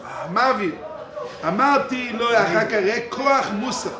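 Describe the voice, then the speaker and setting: A man's voice: very high-pitched, racing, background noise. A man teaching a yeshiva Torah class, repeating his points emphatically and calling out to students by name. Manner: repetitive, emphatic, calls out to students. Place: study hall with students. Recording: echoey hall with a crowd of students.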